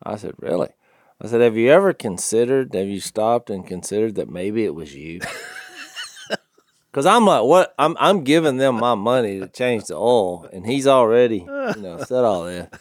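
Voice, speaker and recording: A man's voice: fairly low pitch, moderate pace, dry recording. A man in his fifties with a Southern twang, telling a long story in casual podcast chat and acting out other people's lines in a raised voice. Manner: animated, acts out other people's lines with a raised voice, laughs often. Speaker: podcast co-host.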